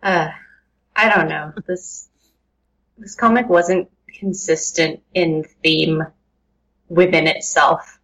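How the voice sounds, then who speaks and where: A woman's voice: deep voice, steady tone, takes it slowly, long pauses, fairly bright tone, low-quality recording. Female co-host, sarcastic and dry, casual chat. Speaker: podcast co-host.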